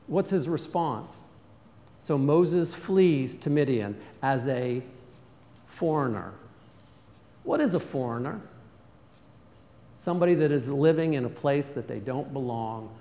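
A male pastor preaching a sermon with earnest emphasis, often dropping to a soft, low tone. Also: big-room sound.

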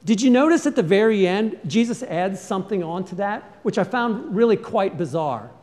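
A man with a high voice preaches a sermon, asking his listeners questions and then pressing them with short, urgent commands. His words ring out with a long reverb inside a church. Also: expressive, moderate pace, a little mellow. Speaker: pastor.

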